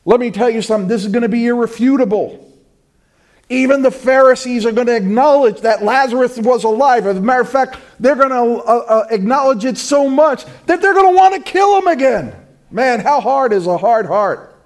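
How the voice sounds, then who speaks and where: A man preaching a sermon, swinging between loud proclamation and hushed, intimate asides. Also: extremely high pitch, animated, brisk. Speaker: pastor.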